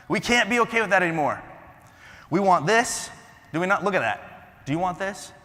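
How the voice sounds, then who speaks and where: A man giving an energetic keynote at a conference, quizzing the audience and swinging from loud bursts to hushed asides. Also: high voice, normal speed. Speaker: motivational conference speaker. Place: large conference hall, on stage. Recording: echoey conference hall.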